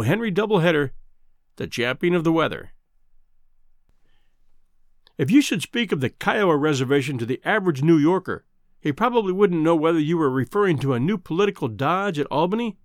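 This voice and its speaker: A man narrating a classic story in an expressive storytelling manner. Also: on the high side, dry recording, clean studio sound. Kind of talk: audiobook narration.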